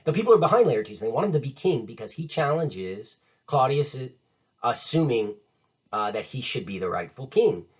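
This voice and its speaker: Husky, lively male teacher. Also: medium pitch, moderate pace, muffled recording. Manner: enthusiastic, conversational, paraphrases lines in modern slang. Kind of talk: casual literature lecture.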